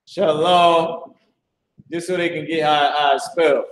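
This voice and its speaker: A man's voice: on the high side, fairly even intonation, fairly quick, a little hiss or hum. A man leading a live religious lesson, emphatic and mocking, repeating words over and over to drill their pronunciation. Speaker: religious teacher. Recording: echoey room.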